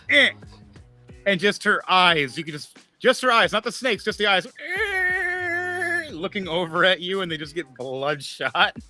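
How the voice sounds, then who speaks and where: A man narrating a tabletop game as game master in a casual, halting way with many restarts. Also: high voice, pushed and bright.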